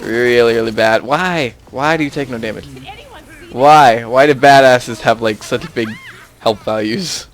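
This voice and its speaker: A man's voice: mid-range voice, a little slow. A young man chatting casually over his gameplay, rambling and easily losing his train of thought. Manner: rambling, easily sidetracked, chuckling often. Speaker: gaming YouTuber.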